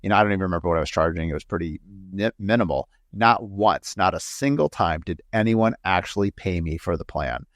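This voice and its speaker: A man from the northern United States hosting an interview podcast in a low voice. He tells rambling stories full of asides and fillers. The sound is dry and close. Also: lively intonation, fairly quick, few pauses, dry recording. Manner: rambling storyteller, frequent asides. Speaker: podcast host and home builder. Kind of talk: casual interview chat.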